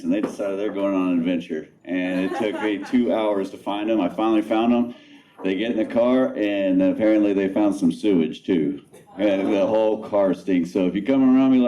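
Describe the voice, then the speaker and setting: A man's voice: on the low side, low-quality recording. A man in his thirties doing a rambling, self-mocking stand-up comedy set on a club stage, swearing casually. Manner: laid-back, rambling, profane, self-mocking.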